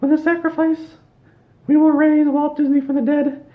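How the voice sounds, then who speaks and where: A man doing a squeaky falsetto voice for an evil cartoon mouse cult leader who cackles. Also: flat delivery, normal speed, narrow, tinny audio. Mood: gleeful.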